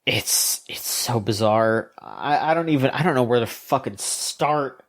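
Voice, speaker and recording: A man's voice: medium pitch, unhurried. A man co-hosting a video game podcast, ranting in opinionated casual chat with frequent restarts, fillers and swearing. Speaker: podcast co-host.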